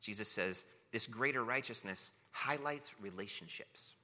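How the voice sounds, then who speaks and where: A pastor's lowish, sharp-toned voice moves a little slowly as he shares playfully self-deprecating family stories, then pivots to teaching. His sermon rings with the long reverb of a large hall.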